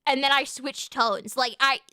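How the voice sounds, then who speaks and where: A young woman streamer talking to her chat, loud and passionate, quick to get worked up. Her voice sits very high and bright, with a dry, close sound. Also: steady tone, clear, resonant tone, no room sound. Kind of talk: casual live-stream chat.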